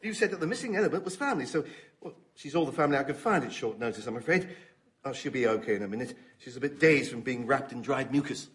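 A man's voice: medium pitch, expressive, quick pace, a bit bright. A man playing a fussy host who is eager to please at a Christmas gathering. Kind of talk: sitcom acting.

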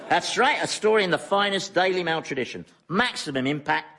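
Man, bossy, blustering, slightly high voice, noisy background. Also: lively intonation, brisk. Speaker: newspaper editor character. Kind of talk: sitcom acting.

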